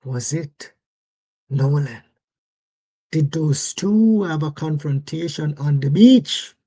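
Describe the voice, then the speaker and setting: A livestream commentator speaking casually and rhetorically, often checking in with "right?" and slowing down to stress key words. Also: mid-range voice, lively intonation, mellow. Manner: rhetorical, repeatedly asks "right?" and "yes?".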